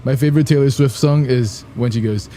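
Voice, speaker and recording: Mellow-voiced joking young man. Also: brisk, slight background noise. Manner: playful and joking, sings snatches of songs badly on purpose; laughs often, gets loud and high when amused. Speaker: streamer reacting to videos. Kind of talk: casual chat to viewers.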